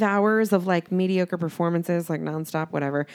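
A woman's voice: on the low side, moderate pace, a little mellow. A woman co-hosting a podcast, chatting casually and telling gossipy, profane stories with lots of animation. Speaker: podcast co-host. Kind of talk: casual chat.

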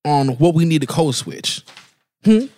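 A man's voice: fairly high pitch, animated, measured pace, darkish tone. A young man, co-hosting a casual chat, playful and full of questions. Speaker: podcast co-host.

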